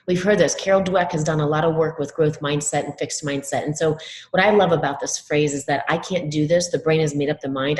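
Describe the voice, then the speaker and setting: A middle-aged woman giving a motivational talk to educators, telling animated classroom stories and acting out what students say. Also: deep voice, low-quality recording. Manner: animated storytelling, acts out quoted students. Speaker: education speaker.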